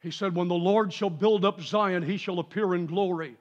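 A man preaching a sermon in a church, telling a story, dropping to quiet asides and rising to shouted peaks. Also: high voice, fairly even intonation, normal speed, highs cut off. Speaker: pastor. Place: church sanctuary.

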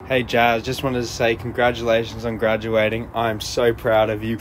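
A man's voice: mid-range voice, completely flat delivery, moderate pace, a little hiss or hum, poor audio. A man sending an enthusiastic congratulations in a video message.

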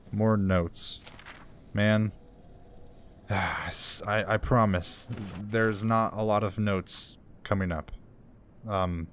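A man's voice: lowish voice, fairly even intonation, drawn-out words, long pauses. A man giving casual, playful let's-play commentary, thinking aloud as he plays a game. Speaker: gaming video creator.

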